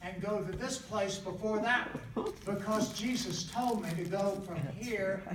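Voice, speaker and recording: An older evangelist from the American South tells stories in a folksy, animated way that often breaks into laughter. His voice sits unusually high for a man. He is recorded from a distance in an echoey room with a faint hiss underneath. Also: a little slow. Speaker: traveling evangelist guest. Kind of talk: storytelling testimony in conversation.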